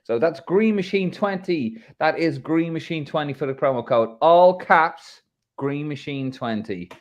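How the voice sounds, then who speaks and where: A man from Ireland hosting a live football podcast, chatting casually with mates, swearing and joking, his pitch swinging up and down. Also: unhurried. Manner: banter-filled, swears, lively swings in pitch. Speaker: podcast host.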